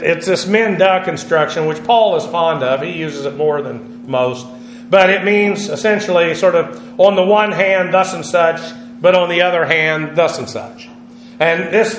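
A man preaching an expository sermon, explaining Greek words and spelling them out letter by letter, with frequent "uh" pauses. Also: high voice, fairly bright tone, reverberant, slight background noise, poor audio. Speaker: pastor teaching a Bible study.

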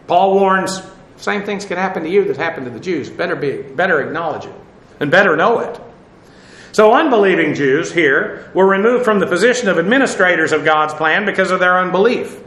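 A man's voice: high-pitched, sharp tone, reverberant. A man giving a verse-by-verse Bible lesson, talking conversationally with fillers and asides while he stands before a seated audience. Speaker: Bible teacher.

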